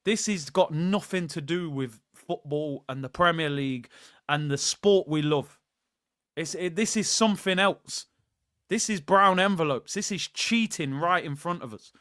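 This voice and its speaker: A man's voice: a little high, a bit bright, clean tone, no room sound, clean studio sound. A young man hosting a live football watchalong, ranting heatedly and reading out viewer messages. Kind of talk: live reaction commentary.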